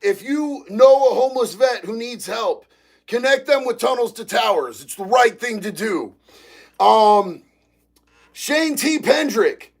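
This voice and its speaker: High-voiced, gravelly excitable man. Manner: excitable, profane, bursts into shouting. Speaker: livestream host reading chat. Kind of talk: casual livestream chat.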